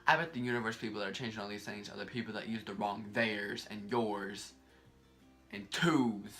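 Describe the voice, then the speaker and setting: Young male vlogger, bright tone, animated and exasperated, rambling, faint music under the voice. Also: on the low side, moderate pace. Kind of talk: casual vlog countdown.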